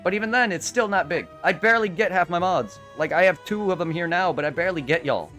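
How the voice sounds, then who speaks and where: Brief: male streamer, fairly high voice, heated profane venting, soft music underneath. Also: quick pace. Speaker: game streamer. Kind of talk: live stream rant.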